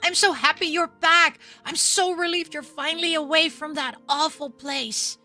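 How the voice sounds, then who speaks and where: A woman voicing Ten, an emotional young woman, in high, gushing lines while reading a visual novel aloud. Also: steady tone, normal speed, pushed and bright, soft background music. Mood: overjoyed, fussing. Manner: high, gushing and breathless with relief.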